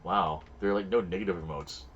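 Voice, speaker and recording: A man's voice: low voice, steady tone, quick pace, muffled recording, a little hiss or hum. Rambling man streaming a game. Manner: rambling storyteller, acts out quoted voices. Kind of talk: casual chat while gaming.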